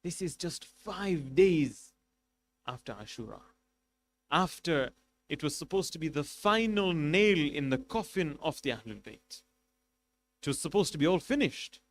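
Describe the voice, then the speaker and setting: A man preaching a sermon, telling a story with passion, swinging between loud emphasis and quiet asides, and reciting Arabic quickly before translating it. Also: mid-range voice, a little hiss or hum. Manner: recites Arabic passages rapidly, then translates. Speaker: sheikh preaching at a mourning gathering.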